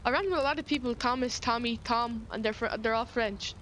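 A woman's voice: a little high, a little fast, fairly bright tone, slight background noise. An Irish woman streaming a game, chatting casually, swearing freely and often restarting her sentences. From Ireland.

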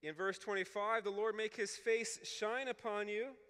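Bright, clear male lecturer in a hall. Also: high-pitched, fairly even intonation, moderate pace. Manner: explanatory, often checks in with "okay?", reads scripture aloud. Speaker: Bible scholar speaking at a clergy retreat. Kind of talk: teaching talk to clergy.

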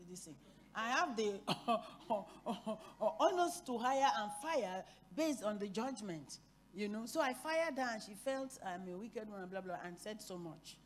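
A woman's voice: medium pitch, expressive, normal speed. A woman preaching a sermon, telling a story and acting out the voices in it. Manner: storytelling, acting out dialogue with shifting loudness.

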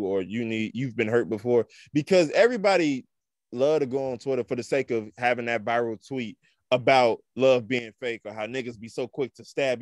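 Animated slangy man, dry close mic. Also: no room sound. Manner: animated, slangy, jumps in pitch when riled up. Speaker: podcast co-host. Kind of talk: casual chat.

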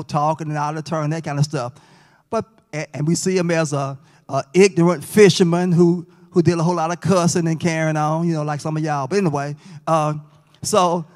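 A man teaching a Bible lesson in church, folksy, joking with and quizzing the class. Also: on the high side. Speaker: Sabbath school teacher. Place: church sanctuary. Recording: long church reverb.

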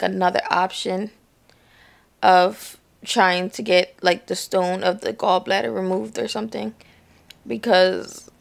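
Young woman vlogger, gravelly, in pain and worn out, blunt slangy talk with swearing, home recording. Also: medium pitch. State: in pain after surgery, worn out. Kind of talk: casual chat to camera.

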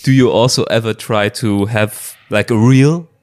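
Calm German interviewer, low voice. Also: male voice, unhurried, dry recording. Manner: calm, probing questions. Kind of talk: interview questions.

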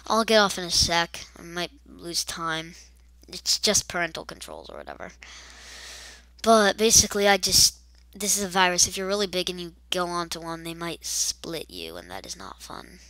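A chatty woman rambles through a let's-play, tossing out silly asides between moves. Her voice is bright and smooth. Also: fairly low pitch, sing-song, moderate pace, no echo. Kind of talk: casual gameplay commentary.

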